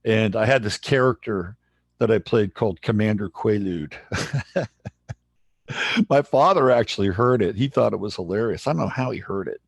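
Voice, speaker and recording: A man hosting a livestream in casual chat, relaxed and rambling as he greets viewers. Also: on the low side, moderate pace, gravelly, pauses often, breathy edge, dry recording. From San Jose, California, USA. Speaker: livestream host.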